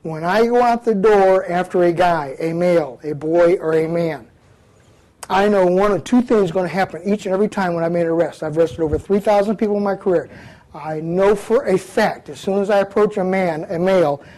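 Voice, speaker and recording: A man's voice: high voice, brisk, rough recording. An older man, a former police officer, giving a blunt, folksy, comedic talk to young offenders. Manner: animated storyteller, blunt, folksy. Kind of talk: comedic talk to a live group.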